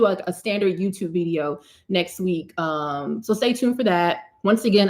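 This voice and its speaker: Casting note: young New woman, chatty livestream host who laughs easily and answers comments. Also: medium pitch. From Newark, New Jersey. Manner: warm, chatty, laughs often and jokes with viewers. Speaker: cosmetic chemist hosting a live hair-care Q&A. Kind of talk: casual livestream chat, reading comments.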